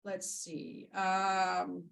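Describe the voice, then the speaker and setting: A woman's voice: on the low side, monotone, drawn-out words, creaky, a bit bright, poor audio. Rambling, heartfelt woman podcaster. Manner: rambling and heartfelt, with many fillers and restarts. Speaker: Reiki practitioner and podcast host. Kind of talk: casual storytelling and Q&A.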